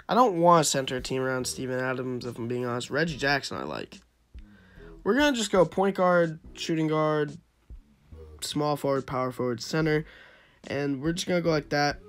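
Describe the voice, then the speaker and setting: A young man giving casual, chatty commentary on his gameplay, second-guessing himself as he goes. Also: on the high side. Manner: chatty, self-interrupting, wavering pick by pick. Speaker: gaming YouTuber.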